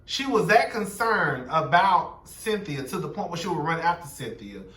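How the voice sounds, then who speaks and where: Sassy high-voiced man recapping reality TV. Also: sing-song, normal speed, bright, forceful tone, reverberant, far from the mic. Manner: sassy, blunt, profane gossip with quoted voices. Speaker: show recap commentator.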